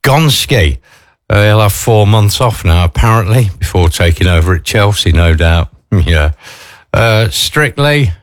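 A man's voice: lowish voice, lively intonation, unhurried, no echo, studio quality. A man talking casually to camera in a chatty, wry way, full of asides. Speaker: vlogger. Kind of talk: casual morning chat.

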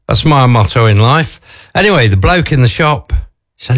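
A man's voice: medium pitch, lively intonation, normal speed, fairly bright tone, no room sound, clean studio sound. A man talking casually to camera in a chatty, wry way, full of asides. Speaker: vlogger. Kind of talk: casual morning chat.

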